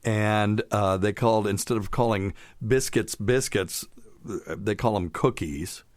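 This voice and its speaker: A man's voice: on the low side, measured pace, dry recording, clean studio sound. A middle-aged man hosting a medical podcast, chatting in a jokey, rambling way. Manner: chatty, jokey, wanders off topic. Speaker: podcast host, doctor. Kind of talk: casual chat.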